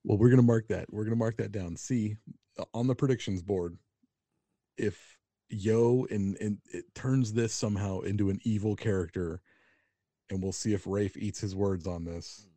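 Chill low-voiced guy joking around on a podcast, mellow tone. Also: normal speed, no room sound. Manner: laid-back, joking. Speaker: podcast co-host. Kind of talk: casual podcast chat.

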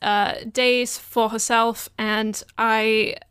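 A woman voicing a stressed male guild official who speaks in a halting, weary way. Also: fairly high pitch, little pitch movement, fairly bright tone, smooth, no echo, clean studio sound. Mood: reassuring.

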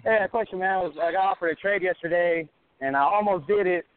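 Halting man calling into a show. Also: high voice. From Sacramento, California. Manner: unsure, halting. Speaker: caller. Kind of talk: phone-in question. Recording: phone line with faint noise.

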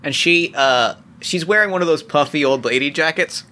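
A man's voice: fairly high pitch, normal speed, sharp tone. A man narrating as game master of a tabletop role-playing game, rambling with lots of fillers and restarts.

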